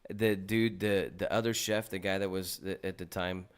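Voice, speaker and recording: A man's voice: sits low, fairly even intonation, normal speed, clean tone. A man talking in a casual podcast chat, telling rambling, profane stories full of restarts and fillers.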